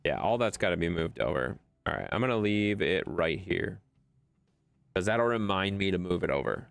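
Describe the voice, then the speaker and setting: Lively, profane male game streamer. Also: low-pitched, normal speed, gravelly, dry recording. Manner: loose and profane, chatting to viewers and his dog. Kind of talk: casual livestream gameplay commentary.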